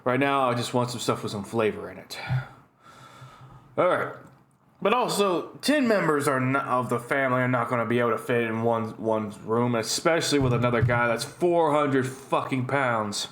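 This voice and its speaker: A man's voice: mid-range voice, expressive, moderate pace, fairly bright tone. A man telling stories and reacting as a casual YouTube host, rambling and swearing often. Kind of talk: casual storytelling and reaction commentary. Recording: roomy echo.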